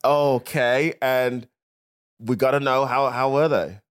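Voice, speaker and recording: A man's voice: mid-range voice, slow, clean tone. A man with a Birmingham accent, co-hosting a casual comedy podcast and joking with a lot of laughter. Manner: joking, laughs often, animated.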